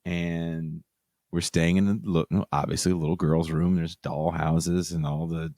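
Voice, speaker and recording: A man hosting a podcast, telling a story in casual chat, animated and swearing freely with self-mocking humor. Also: low voice, a little slow, dry recording, clean studio sound. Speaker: podcast host.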